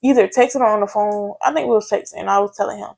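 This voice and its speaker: Young woman, casual storytime vlog, gravelly edge to the voice, candid and chatty, talks straight to the viewers. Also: mid-range voice, fast talker, a little mellow. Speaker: vlogger.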